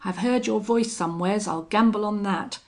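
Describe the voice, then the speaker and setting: A woman voicing a fearful, blustering male rustler leader in an audiobook reading, shouting in rough frontier talk. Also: medium pitch, normal speed, voice pushed up, lightly acted. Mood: frightened, blustering.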